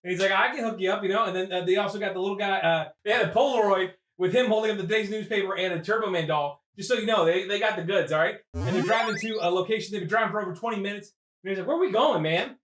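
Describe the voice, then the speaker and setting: Fast high-voiced guy rambling through a movie plot, swears a lot, echoey room. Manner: rambling, profane, bursts into shouted impressions. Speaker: podcast host. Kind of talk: comedic movie recap.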